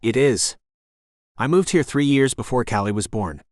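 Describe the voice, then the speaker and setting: A man voicing an energetic woman in her sixties with a faint Jamaican accent, talking in a brisk, chatty way. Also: mid-range voice, dry recording, clean studio sound, natural voice. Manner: brisk, rapid-fire and chatty.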